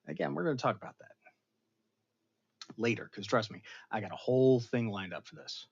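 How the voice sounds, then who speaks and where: A man hosting a casual pop culture show, retelling a TV episode in an animated, rambling way with big jumps in pitch and loudness. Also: a little fast, gravelly, long pauses, slightly rough, highs cut off. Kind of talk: casual episode recap livestream.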